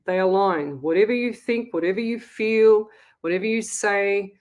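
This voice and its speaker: A woman's voice: medium pitch, normal speed, darkish tone. A middle-aged Australian woman, a psychic medium hosting a live call-in show, talking in a chatty, blunt and scolding way. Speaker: psychic medium radio host. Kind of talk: live call-in reading, casual chat.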